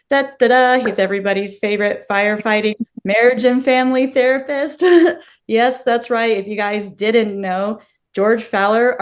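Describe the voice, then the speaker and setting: Bubbly enthusiastic woman podcast host. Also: medium pitch. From United States. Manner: bubbly and enthusiastic, laughs often. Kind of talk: casual podcast interview.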